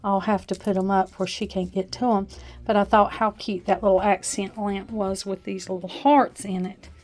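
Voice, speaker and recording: This is a casual show-and-tell vlog where a woman with an Appalachian accent chats homily about her decorations from her kitchen at home. Her mid-range voice is darkish and flat, at a moderate pace. She's homey and talkative, often saying "uh."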